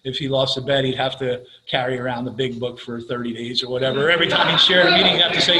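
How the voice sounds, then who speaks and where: A man's voice: fairly high pitch, quick pace, few pauses, pushed and bright, slight background noise, rough recording. An older man from Florida sharing his recovery story, profane and blunt, laughing at himself as he tells it. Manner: profane, blunt, self-mocking, laughs while telling stories. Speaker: recovery meeting speaker.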